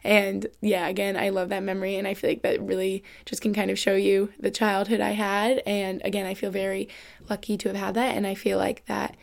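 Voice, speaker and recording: A young woman from Albany, New York, hosts a casual podcast, talking into a desk microphone recorded on a computer. Her mid-range voice is gravelly and a little fast, with a completely flat delivery. She rambles through upbeat, chatty talk packed with "like."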